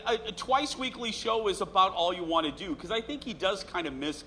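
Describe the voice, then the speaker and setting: A man's voice: high-pitched, brisk, bright, forceful tone, a little hiss or hum. A man hosting a live TV talk show, joking and playful with guests and his cohost. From Indiana. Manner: joking, playful, self-deprecating.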